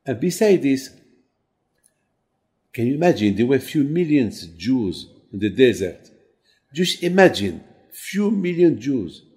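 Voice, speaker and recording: Man, rabbi, sermon in English, slow, mellow, halting with repeats, animated emphasis. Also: medium pitch.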